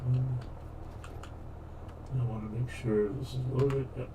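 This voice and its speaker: A man's voice: medium pitch, fairly even intonation, slow pace. Rambling guy chatting to his stream while he plays, mic a bit far off, faint hiss. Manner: rambling, talks to viewers as "guys". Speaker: game streamer. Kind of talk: casual stream chat. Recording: distant mic with faint noise.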